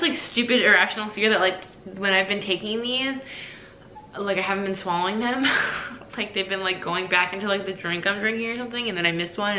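A woman's voice: medium pitch, sharp tone, a little hiss or hum. A young woman vlogging casually at home, chatty and full of "like" fillers. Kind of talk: casual personal vlog.

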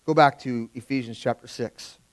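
A middle-aged male pastor preaching a sermon in a conversational way, swinging from loud emphasis to quiet asides. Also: medium pitch, fairly even intonation, normal speed. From California.

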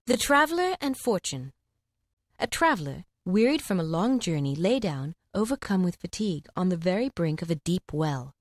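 Brief: female audiobook narrator, expressive storybook reading, animated intonation. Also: fairly low pitch, normal speed, dry recording, studio quality.

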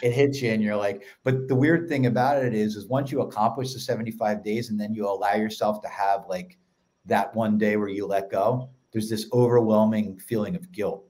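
A man with a Philadelphia accent, a podcast guest telling stories in an energetic, casual way. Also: lowish voice. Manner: energetic storyteller, quick run-on sentences. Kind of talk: casual chat.

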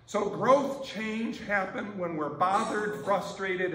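A man preaching a sermon as pastor, talking in a relaxed, conversational way and often checking in with "right?". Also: on the high side. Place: church sanctuary. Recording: echoey church from far off.

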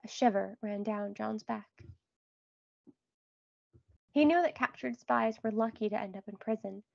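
A woman reading a children's book aloud in a clear, expressive storytelling voice. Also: mid-range voice, unhurried, no room sound, dull audio. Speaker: read-aloud narrator.

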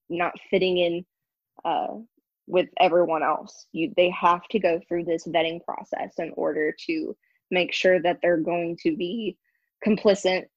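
In a casual interview, a young woman from the U.S. who once belonged to a church talks about her past, candid and emphatic. She has a fairly low pitch. The sound is dry and lacks highs.

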